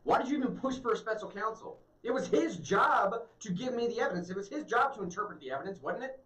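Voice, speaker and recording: A man's voice: high-pitched, lively intonation, fast, a bit bright. A man co-hosting a talk radio show, mocking and sarcastic as he reacts to hearing clips. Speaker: radio co-host. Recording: roomy, distant mic.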